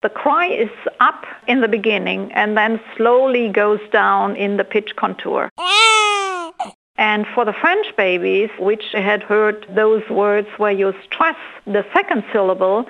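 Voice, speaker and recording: A woman's voice: medium pitch, unhurried, vocal fry. A woman neuroscientist explaining her research in an interview, thoughtful and unscripted. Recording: dull, lo-fi interview recording.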